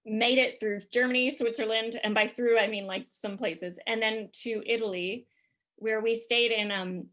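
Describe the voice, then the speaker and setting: Brief: woman guest, bright and fairly high voice, chatty comic storyteller who rambles. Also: steady tone, moderate pace. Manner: chatty, rambling with many fillers and laughs. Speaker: podcast guest.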